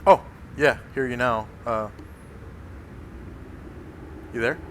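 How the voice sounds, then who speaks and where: A man's voice: mid-range voice, slow pace, a bit bright, slight background noise. Man running a tabletop game, hesitant. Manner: hesitant, with frequent fillers. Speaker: game master.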